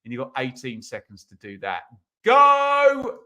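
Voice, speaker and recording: A man's voice: lowish voice, a little fast. A man hosting a live football watch-along from his home office, chatting casually and reading out viewers' messages. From England. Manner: chatty, reads out viewer comments, bursts into loud calls. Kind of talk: live stream chat and commentary.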